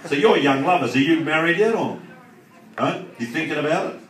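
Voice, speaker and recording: A male Australian stand-up comic trades crude, insulting banter with his audience. His voice sits a little high and swings a lot in pitch. It comes through a roomy pub hall from some distance, with loud crowd laughter all around. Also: expressive, brisk. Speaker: stand-up comedian. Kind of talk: live stand-up with crowd work. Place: pub function room in front of a live audience.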